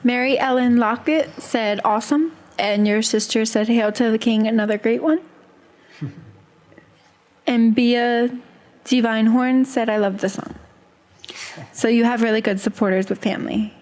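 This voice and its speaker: A woman's voice: a little high, steady tone, darkish tone. A woman hosting a small internet radio show, chatting casually and jumping in often. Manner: chatty, quick to jump in.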